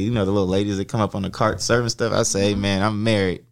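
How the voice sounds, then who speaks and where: A man's voice: on the low side, a little fast, few pauses. A young man chatting casually as a podcast guest, laid-back and swearing freely. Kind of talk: casual chat.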